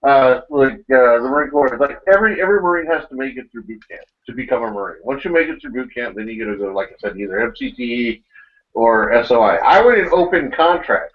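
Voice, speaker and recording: A man's voice: medium pitch, lively intonation, fairly quick. A man and Marine Corps veteran chatting casually, explaining things in a matter-of-fact way. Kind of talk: casual chat. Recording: dull lo-fi recording.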